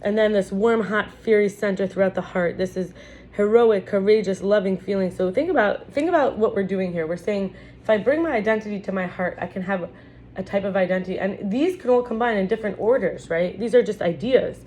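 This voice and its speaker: A woman's voice: mid-range voice, fairly quick, darkish tone, slight background noise. Woman, casual spiritual teacher, chatty, frequent restarts, reads aloud from a book.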